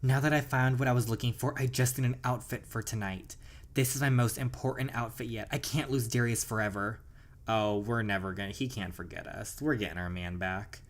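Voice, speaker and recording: A chatty host reacts as they play through a romance story game. The talk is gushing and excitable, full of delighted reactions to the story. The pitch sits in the middle. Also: brisk. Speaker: gaming channel host. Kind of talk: story game playthrough commentary.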